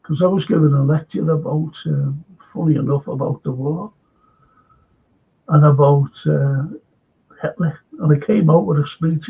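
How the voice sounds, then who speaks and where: Slow, rambling older Liverpool man. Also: fairly high pitch, fairly even intonation, gravelly, dark tone, husky. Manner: slow, meandering, with many restarts. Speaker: live stream host reading viewer comments. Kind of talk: rambling casual chat. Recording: dull lo-fi stream audio.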